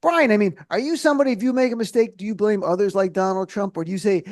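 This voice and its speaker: A rapid-fire male radio host with a high, bright voice, tossing out quick jokes and asides to his guests. He sounds close and dry, as if speaking right into a studio mic. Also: no echo. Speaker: radio talk show host. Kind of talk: fast comedic chat.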